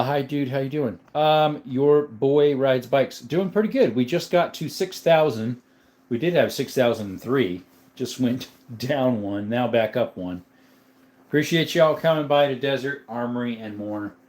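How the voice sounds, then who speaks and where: A man's voice: medium pitch, darkish tone. Casual man hosting a chat stream. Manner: chatty, greets viewers by name, laughs often. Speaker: livestream host. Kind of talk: casual live chat reading comments.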